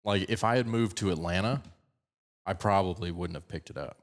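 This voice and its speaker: A man from Colorado with a slight picked-up Southern twang, hosting a podcast in fast, animated casual chat. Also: sits low. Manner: fast-talking, animated storyteller. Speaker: podcast host.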